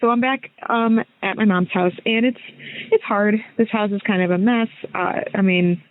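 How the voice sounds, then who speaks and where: A woman's voice: mid-range voice, moderate pace, no room sound. Woman, 20s, podcast caller voice memo; rambling, hesitant, tinny phone audio, dry. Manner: rambling, hesitant, self-interrupting. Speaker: listener caller sending a voice message. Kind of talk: casual recorded voice message. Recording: thin phone-line sound.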